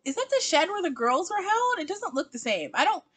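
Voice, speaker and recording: A woman's voice: extremely high pitch, fairly quick. A woman reviewing a TV episode in a casual vlog, chatty and exasperated, laughing often. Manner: animated, laughing, exasperated asides. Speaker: TV show reviewer.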